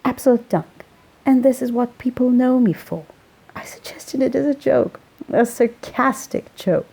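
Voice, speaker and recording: A woman's voice: fairly high pitch, a little slow, vocal fry, mellow, breathy edge, pitched above the performer's own voice, heavily acted, poor audio. A woman voicing a grumpy, sardonic young man. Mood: glum. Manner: glum, sarcastic.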